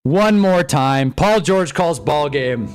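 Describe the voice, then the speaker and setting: A young man hosting a live stream, commenting on a football game as he watches, swinging from glum muttering to excited shouting. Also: a little high, slow pace, smooth, soft background music.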